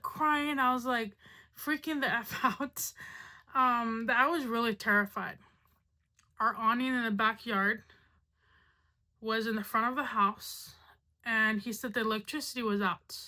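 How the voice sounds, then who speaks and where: A woman's voice: fairly high pitch, fairly even intonation, measured pace, pauses often, pushed and bright. A woman in her thirties from Arizona, chatting casually to camera and telling a dramatic story full of "like" and self-mocking asides. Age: 30s. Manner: dramatic storyteller, lots of "like", laughs at herself. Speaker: beauty vlogger.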